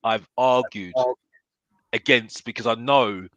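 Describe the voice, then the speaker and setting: A man talking casually about football, animated and constantly tacking on "yeah?". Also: medium pitch, takes it slowly, no echo, lo-fi sound. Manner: animated, keeps adding "yeah?". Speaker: football podcast guest. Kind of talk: casual chat.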